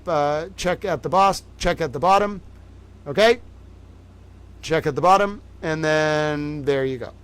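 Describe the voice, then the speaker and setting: A man's voice: sits high, clean tone, poor audio. A man hosting a livestream in a playful, theatrical showman manner, chatting to viewers. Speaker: livestream host. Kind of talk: animated livestream chat.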